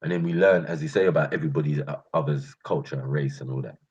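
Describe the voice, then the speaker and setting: A rumbling low, slightly rough voice comes fast from this North London channel host with a London accent. He laughs his way through slangy, animated street stories in a casual monologue. Sound quality is dull lo-fi.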